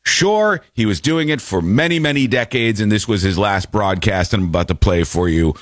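A man hosting a podcast with a playful, joking manner, his pitch swinging widely as he slips into silly high voices. He sounds a little under the weather and takes it slower than usual. The sound is dry and close, with no room around him. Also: expressive, dry recording. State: sounds a bit sick, slowed down. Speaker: podcast host. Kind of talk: comedic casual chat.

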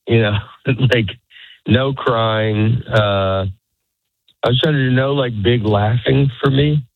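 A man's voice: medium pitch, slow pace, creaky, dry recording. Comedian guy in his 40s rambling thru a story, laughs a lot, tinny dry radio line. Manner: rambling, self-interrupting, laughs often. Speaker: stand-up comedian guest. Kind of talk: casual interview chat.

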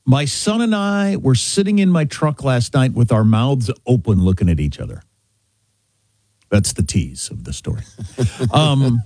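A man's voice: medium pitch, a little mellow, dry recording. A middle-aged man from Kansas hosting a talk show, telling a story in casual chat with emphatic restarts. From Kansas, USA.

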